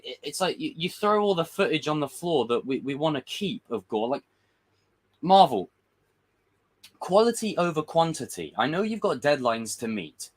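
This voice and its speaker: A man giving a casual, frustrated livestream rant as a film commentator, swearing and acting out quotes. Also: on the high side.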